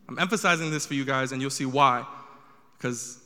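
A man's voice: medium pitch, lively intonation, moderate pace, sharp tone, long reverb tail. A young man doing a stand-up comedy set, telling a story with rising exasperation.

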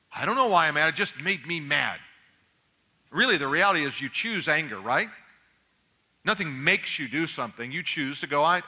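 A man's voice: fairly high pitch, sharp tone. A middle-aged male pastor preaching a conversational sermon, acting out little dialogues from home life.

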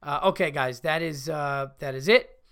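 A man hosting a casual solo podcast, ranting in a profane, animated way. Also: on the high side, moderate pace, clear, resonant tone. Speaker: podcast host.

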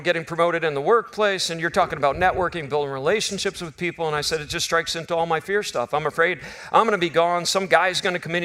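Earnest, storytelling preacher man. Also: fairly high pitch. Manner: earnest, conversational storytelling, swings from loud bursts to quiet intimacy. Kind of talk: sermon with personal story.

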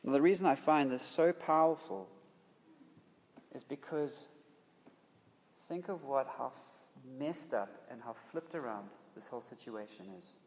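A man's voice: mid-range voice, unhurried. A man preaching a sermon in an emphatic, conversational way, often restarting his phrases. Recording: long reverb of a hall.

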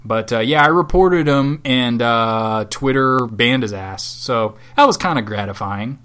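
A man's voice: mid-range voice, lively intonation, a little slow, sharp tone, clear, resonant tone. A man co-hosting a podcast from Southwest Florida, chatting casually in a rambling, sardonic and profane way. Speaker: podcast co-host. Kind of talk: casual chat.

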